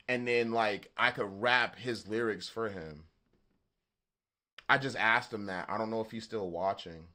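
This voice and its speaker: A man with a Southern accent hosting a beat-making livestream, chatting casually in a halting, rambling way and swearing freely. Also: mid-range voice, bright, forceful tone. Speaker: beatmaker livestream host. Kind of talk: casual live-stream chat.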